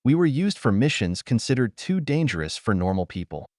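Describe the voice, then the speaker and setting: A man's voice: medium pitch, very animated, brisk, a little mellow, no echo, studio quality, close to an everyday voice. A man voicing a battle-worn male soldier who talks in a blunt, bitter, growling way. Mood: gruff. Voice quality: gruff, growling.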